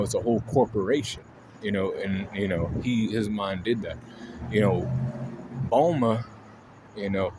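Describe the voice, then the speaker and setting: A man's voice: on the low side, a little mellow, a little hiss or hum. A man casually rambling through an anime ranking, full of fillers and swearing. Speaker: anime video host. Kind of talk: casual chat.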